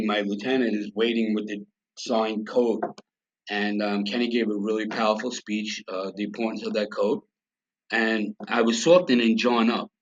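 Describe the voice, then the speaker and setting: A man's voice: fairly low pitch, dull audio. A man from the United States, a podcast guest telling a story in blunt, profane, conversational style and acting out quoted dialogue.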